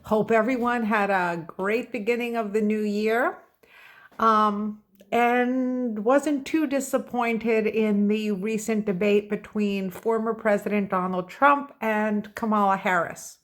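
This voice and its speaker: Slow, emphatic woman vlogger. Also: medium pitch, fairly even intonation. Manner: deliberate and emphatic, stressing key words; talks straight to viewers. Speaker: political vlogger. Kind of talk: opinionated political commentary.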